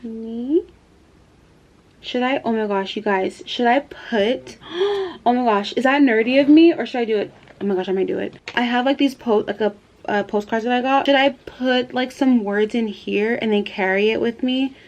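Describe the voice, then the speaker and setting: A woman's voice: on the high side, moderate pace, darkish tone, highs cut off, slight background noise. A young woman in her twenties vlogging casually to camera at home. She is chatty and giggly and fills her talk with "like". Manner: chatty and giggly, full of "like" fillers.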